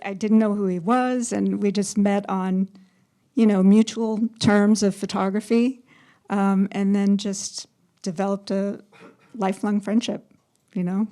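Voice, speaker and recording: A woman's voice: medium pitch, dark tone. A woman photographer telling stories as a panel guest, chatty, laughing often and acting out quotes. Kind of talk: storytelling on a panel.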